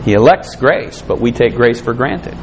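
A man preaching a sermon, often rising in pitch and loudness and acting out the voices he quotes. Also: expressive, moderate pace, slight background noise.

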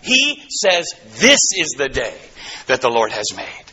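A man preaching a sermon, swinging between soaring exclamations and hushed low asides. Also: wildly swooping pitch, a little slow. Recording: slightly dull, faintly noisy recording.

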